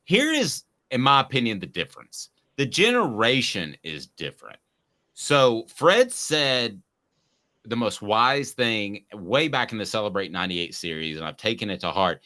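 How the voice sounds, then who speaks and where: A man hosts a sports talk show in a low voice that swings widely in pitch. He sounds bright and forceful as he gives his opinions and reads out listener comments. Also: big pitch swings, normal speed.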